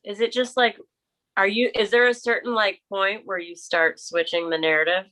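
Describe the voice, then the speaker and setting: A woman's voice: medium pitch, fairly even intonation, normal speed, sharp tone. A woman taking part in a workshop, asking questions hesitantly and searching for her words. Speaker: workshop participant.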